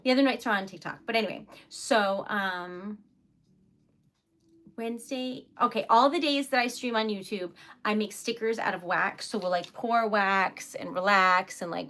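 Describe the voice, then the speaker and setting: A woman livestream host and poet chatting casually and giggling often, with scattered, unhurried talk. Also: medium pitch, fairly bright tone. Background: typewriter clacking.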